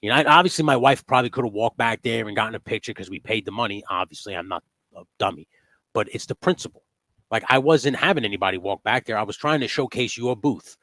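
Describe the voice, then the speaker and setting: A man hosting a live stream in casual chat, telling stories in a profane, animated way. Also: on the low side, fast, no echo.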